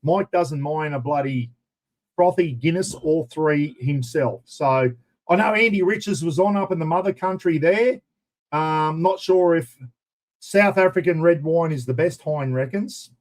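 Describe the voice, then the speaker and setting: Speaking a little slowly in a voice on the high side, an Australian-accented man runs a laid-back charity live stream, rambling along as he gives friendly shout-outs to his viewers.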